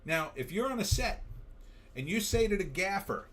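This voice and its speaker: A man's voice: fairly high pitch, animated, normal speed, fairly bright tone. A tired man hosting a livestream, ranting in a casual way and reading out chat comments. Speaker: livestream show host.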